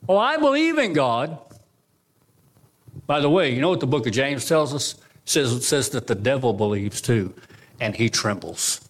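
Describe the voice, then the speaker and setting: A man preaching a sermon in a church, firing rhetorical questions at the congregation and swinging from loud to hushed. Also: medium pitch, sing-song, normal speed. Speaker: pastor. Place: church sanctuary.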